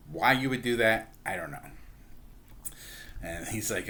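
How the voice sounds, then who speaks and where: Man, low voice, bright tone, casual comic book recap, chatty, chuckling. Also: drawn-out words, pauses often. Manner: chatty, acts out characters with lots of "he's like"; chuckles while telling. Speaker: book reviewer.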